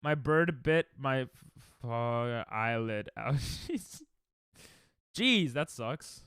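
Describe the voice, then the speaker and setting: A man's voice: mid-range voice, expressive, drawn-out words, fairly bright tone, clear, resonant tone, no room sound, studio quality. A man streaming a speedrun, chatting casually and joking with chat, laughing often.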